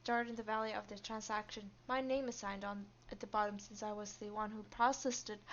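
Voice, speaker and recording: A woman's voice: mid-range voice, steady tone, brisk, fairly bright tone, muffled recording, a little hiss or hum. A woman streamer reading game text aloud and reacting expressively to the story.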